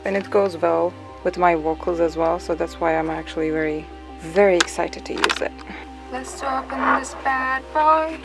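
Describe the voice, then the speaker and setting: A woman's voice: low-pitched, flat delivery, normal speed, vocal fry, rough recording. Chatty young woman vlogging over music. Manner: chatty, playful, laughs between phrases. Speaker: music production student vlogger. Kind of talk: casual vlog chat. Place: home recording setup, indoors. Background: music playing underneath.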